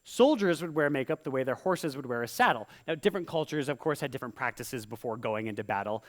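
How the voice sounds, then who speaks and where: A performer doing stand-up comedy in rhyme on a live stage, talking in a playful, theatrical way. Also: male voice, medium pitch, animated. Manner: playful, theatrical, quick vocal impressions.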